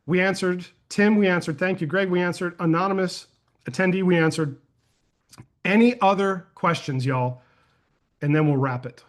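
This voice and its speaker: A man hosting a live question-and-answer call, coaching attendees in a folksy, energetic way and telling anecdotes. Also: sits high. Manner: energetic and folksy, uses "y'all", tells anecdotes. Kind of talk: casual webinar Q&A.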